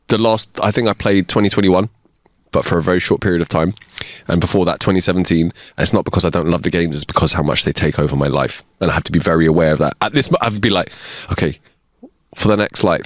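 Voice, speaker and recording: A man's voice: low voice, brisk, no room sound, clean studio sound. A man co-hosting a comedy podcast, telling jokes in a casual, laughing way. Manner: jokey, laughs often, restarts sentences. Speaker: podcast co-host. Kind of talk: casual chat.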